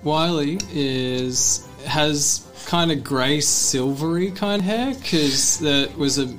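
An Australian man playing a tabletop game, talking in a hesitant, halting way. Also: a little high, a bit bright, soft background music. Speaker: player. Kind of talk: casual chat.

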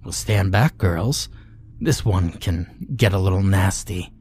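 A man's voice: low voice, a little slow, darkish tone, breathy edge. A man voicing a stern little carnival showman scolding a performer.

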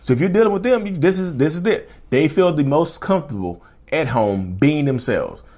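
A man hosting his own podcast in a casual, animated solo monologue, often repeating and restarting himself as he goes. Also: on the high side, normal speed. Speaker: podcast host.

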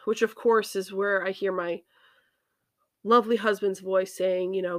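A woman hosting a faith podcast, talking earnestly and haltingly with many ums and restarts, emotional and near tears. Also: mid-range voice, steady tone, no room sound, clean studio sound. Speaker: podcast host. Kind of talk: personal faith reflection.

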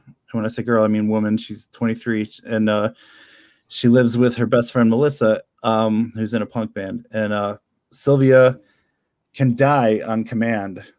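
A man's voice: fairly low pitch, darkish tone. A man, a comic book creator, talking casually in an interview, rambling with lots of fillers and frequent laughs. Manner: rambling, chatty, laughs often, many fillers.

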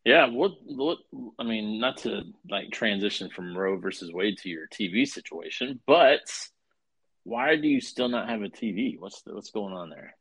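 A man with a very low, husky voice explains his views in a measured way, pausing often on fillers. The recording is dry and close to the mic. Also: expressive, a bit bright, no echo. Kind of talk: casual political chat.

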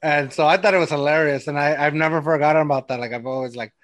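A man's voice: fairly high pitch, steady tone, quick pace, fairly bright tone, no echo. Rambling man hosting a podcast. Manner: rambling storyteller, lots of "like". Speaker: podcast host. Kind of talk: casual chat.

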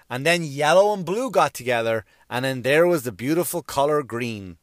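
A man's voice: medium pitch, animated, normal speed, few pauses, no echo, studio quality. Exasperated man on a profane comedic rant. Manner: stammers and repeats words.

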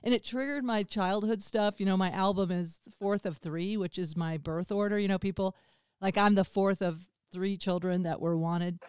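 Podcast host, woman in her fifties, animated storyteller, clear tone, dry recording. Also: mid-range voice, moderate pace, dry recording. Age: 50s. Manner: animated, swears freely, acts out dialogue. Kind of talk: candid conversational storytelling.

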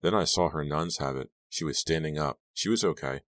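A man reading a first-person story as an audiobook narrator, steady and measured. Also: a bass voice, dry recording.

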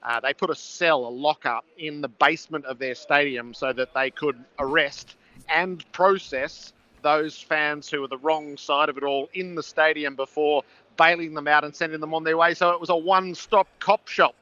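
A man's voice: on the high side, steady tone, moderate pace, bright, forceful tone, highs cut off. A man who calls football games, describing the build-up from his stadium broadcast position in vivid, storytelling detail. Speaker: NFL commentator calling the game. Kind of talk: on-location phone-in chat.

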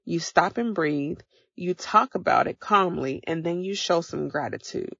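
A woman with a gravelly, fry-tinged voice talks her podcast listeners through simple steps in an encouraging, coaching way. The sound is dry and close, with a slightly dull, lo-fi tone. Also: on the low side, expressive, unhurried, a bit bright, no echo. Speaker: podcast host. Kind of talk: motivational podcast talk.

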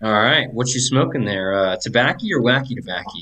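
A man narrating as game master of a tabletop game in a relaxed, loose way. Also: lowish voice, a little fast, crowd noise, low-quality recording.

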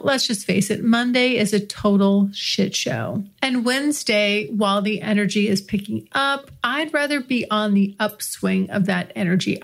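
Relaxed American woman podcast host. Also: mid-range voice. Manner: relaxed, chatty, laid-back. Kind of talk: casual podcast chat. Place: office. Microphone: recording sideways into a studio mic while reclined.

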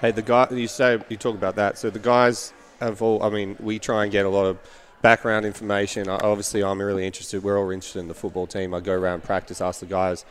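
A man's voice: on the low side, flat delivery, fast talker, few pauses, clean tone. A man hosting a casual podcast interview, asking long rambling questions and teasing his guest. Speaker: podcast host.

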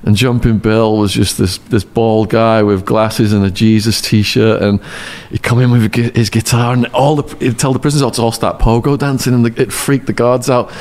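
A man's voice: mid-range voice, normal speed, hardly any pauses. A man animatedly telling a story as a podcast guest, laughing often. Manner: animated storyteller, lots of laughing and acted quotes. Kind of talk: casual storytelling.

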